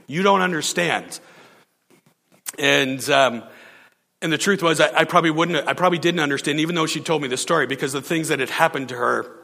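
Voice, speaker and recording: A man's voice: mid-range voice, creaky, big-room sound. A man preaching a sermon as a pastor, telling a story with frequent laughs and acting out the quotes. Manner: animated storyteller, laughs often, acts out quotes.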